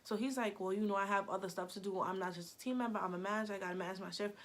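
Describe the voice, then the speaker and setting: A young woman tells a story straight to camera. She talks in a chatty, animated way and leans on "like" constantly, with a voice of middling pitch. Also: rapid-fire. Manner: chatty, animated, heavy use of "like". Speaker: vlogger. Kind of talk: storytime vlog.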